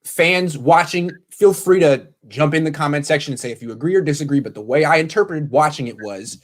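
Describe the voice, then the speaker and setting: A man hosting a casual sports talk show, animated, often quoting others in quick voices. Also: fairly high pitch. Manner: animated, quotes people in quick impressions. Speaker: podcast host.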